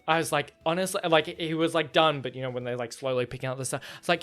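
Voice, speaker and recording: Animated young man telling a story. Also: a little high, very fast, hardly any pauses, soft background music. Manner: animated, profane, swings between loud outbursts and muttered asides. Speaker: podcast host. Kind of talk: casual solo podcast storytelling.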